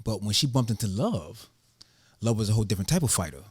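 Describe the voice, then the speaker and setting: A man's voice: lowish voice, sing-song, quick pace, darkish tone, slightly rough, dry recording. A middle-aged man from Jamaica, an interview guest telling stories animatedly in street slang. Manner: street slang, repeats "you know what I'm saying". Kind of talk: animated storytelling.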